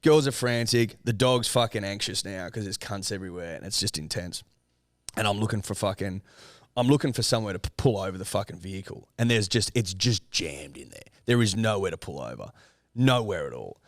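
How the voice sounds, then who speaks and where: A man's voice: on the low side, fairly quick, no room sound, clean studio sound. A young Australian man, a podcast co-host, telling a rambling story in casual chat, swearing freely and acting out what people said. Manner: animated swearing storyteller, acts out quotes.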